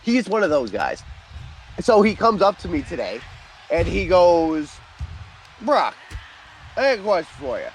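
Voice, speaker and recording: A young man doing casual gaming commentary, telling stories and acting out quotes with lively energy. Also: high voice, measured pace, long pauses, a little hiss or hum. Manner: animated storytelling, acts out quotes.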